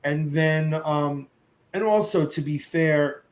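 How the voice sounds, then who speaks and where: A middle-aged man on a podcast, telling a story with real energy. His voice sits a little high, and he breaks into other people's voices as the tale goes on. He curses casually and talks in quick, loose bursts. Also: poor audio. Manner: lively storyteller who acts out other voices and sings snatches. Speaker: podcast guest. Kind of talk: animated storytelling.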